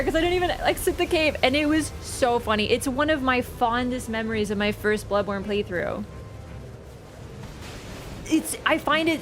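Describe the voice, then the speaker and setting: A young woman game streamer chatting casually with her viewers, telling stories in an animated, excitable way and swearing freely. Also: normal speed. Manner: animated, excitable storytelling with sudden high squeals. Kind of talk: casual livestream chat. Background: background game music.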